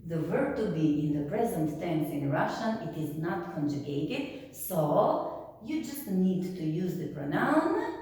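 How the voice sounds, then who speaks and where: A woman from Albania, a native Albanian speaker, teaching a language lesson patiently and repeating words slowly for her students. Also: low-pitched, big pitch swings, warm tone. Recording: echoey room, voice from a distance.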